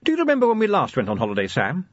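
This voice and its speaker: A man voicing a cheerful, chirpy upper-class lady in a raised, quick voice. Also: high-pitched, wildly swooping pitch, no echo, dull audio, voice pushed up, full character voice.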